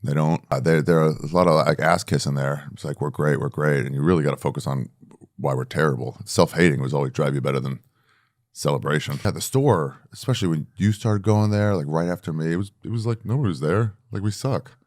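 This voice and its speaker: A man's voice: very deep voice, quick pace, a little mellow, no room sound, studio quality. A man speaking bluntly and self-critically in a casual conversation. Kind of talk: casual chat.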